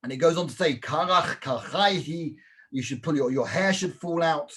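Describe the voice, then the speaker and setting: A man explaining a page of Talmud, animated and repeating himself, often checking in with "right?". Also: fairly high pitch, normal speed. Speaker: Talmud teacher.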